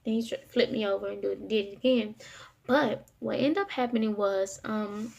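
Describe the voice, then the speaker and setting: A woman vlogger telling a personal story to camera, in a halting way full of fillers and restarts. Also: mid-range voice, creaky, a little mellow.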